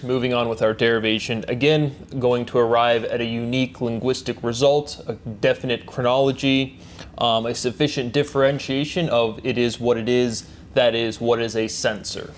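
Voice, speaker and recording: A man with a steady, mid-range voice speaks at normal speed while hosting his own solo series on word derivations. His monologue is repetitive, chanting rhetorical questions and stock phrases, with slight background noise.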